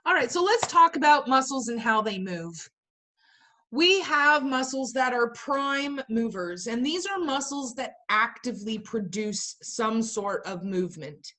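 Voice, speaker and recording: Woman instructor, lively and emphatic, lecturing over a webcam. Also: fairly high pitch, a little slow. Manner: animated, chatty, emphatic. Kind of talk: online class lecture. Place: home video call.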